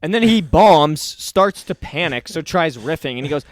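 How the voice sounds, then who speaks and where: In casual podcast chat, a co-host in his twenties spins an animated story, belting out the quotes in loud voices. His voice is on the high side at a moderate pace with hardly any pauses, and the recording is dry.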